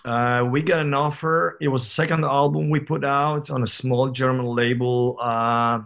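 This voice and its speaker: A man's voice: medium pitch, steady tone, normal speed, gravelly, fairly bright tone. Candid, rambling male podcast guest. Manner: candid, reflective storytelling with frequent fillers and restarts. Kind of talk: casual conversational interview.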